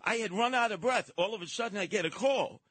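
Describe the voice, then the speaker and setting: A man's voice: sits high, fast talker, a bit bright, no echo. A man talking as a studio guest, emphatic and combative, telling stories with punch. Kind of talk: casual chat.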